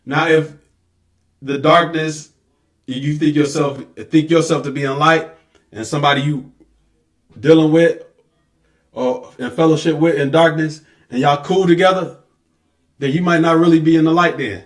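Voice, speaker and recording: High-voiced preacher, conversational and emphatic. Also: male voice, steady tone, moderate pace, long pauses. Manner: conversational, emphatic, mocks excuses in lowered voice. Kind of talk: street-level sermon with scripture reading.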